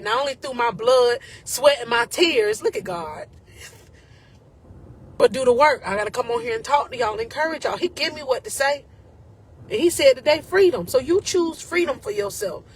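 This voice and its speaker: A woman's voice: on the high side, slight background noise. A woman life coach giving an emotional, encouraging faith talk to her viewers, casual and often close to tears.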